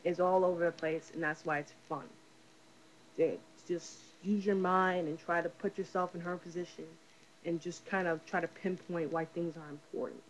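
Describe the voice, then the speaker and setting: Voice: mid-range voice, fairly even intonation, moderate pace, a little hiss or hum, poor audio. A casual movie reviewer talking through a film's plot in a rambling, profane way, full of fillers.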